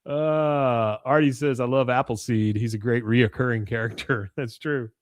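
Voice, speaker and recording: A man in casual conversation walks through an episode scene by scene, quoting the characters and laughing along. His voice sits at an ordinary middle pitch. The sound is dry and close, with no room around it. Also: fairly even intonation, normal speed, no echo. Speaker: podcast host recapping an episode. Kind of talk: casual chat.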